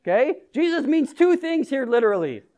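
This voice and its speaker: A pastor with a notably high voice delivers a casual, conversational sermon. He keeps turning to the congregation with questions and light jokes, as if chatting with them. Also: big pitch swings, fairly quick, a little mellow. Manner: engages the congregation with questions and humor.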